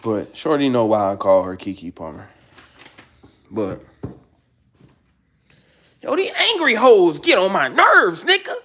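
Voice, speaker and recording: A man's voice: fairly high pitch, big pitch swings, slow pace, long pauses, sharp tone. A man ranting casually to his livestream chat in a rambling, profane, preachy way. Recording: roomy echo.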